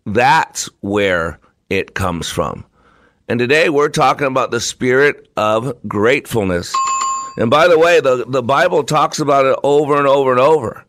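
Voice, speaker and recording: A man's voice: mid-range voice, animated, moderate pace, fairly bright tone. Emphatic preacherly man hosting a show. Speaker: show host. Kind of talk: preaching talk-show monologue.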